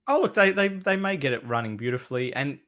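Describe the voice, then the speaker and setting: A man's voice: medium pitch, lively intonation, quick pace, fairly bright tone. A man co-hosting a gaming podcast, making blunt, dry comments in casual chat. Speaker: podcast co-host.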